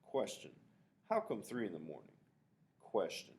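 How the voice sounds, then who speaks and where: A man reading a novel aloud in a relaxed first-person telling, with casual asides. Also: low-pitched, moderate pace, vocal fry, a little hiss or hum. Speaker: reader of a novel.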